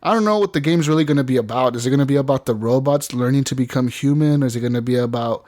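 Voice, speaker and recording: A man's voice: medium pitch, quick pace, darkish tone, no room sound, clean studio sound. A man co-hosting a gaming podcast, telling a long story with lots of fillers, laughs and acted-out lines. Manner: rambling, laughing, acts out game lines. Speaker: podcast co-host. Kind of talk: casual gaming chat.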